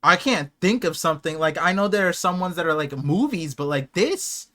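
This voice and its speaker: Young man, live streamer, emotional reaction, hushed then loud, casual slangy talk. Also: high voice, normal speed, hardly any pauses. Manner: excitable, emotional, swings from hushed awe to loud outbursts. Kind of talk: live watch-party reaction.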